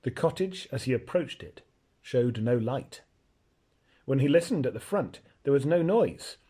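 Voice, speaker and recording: A man reading a children's novel aloud in an expressive, lively narration. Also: mid-range voice, a little slow, husky. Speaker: audiobook reader. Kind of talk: storybook narration.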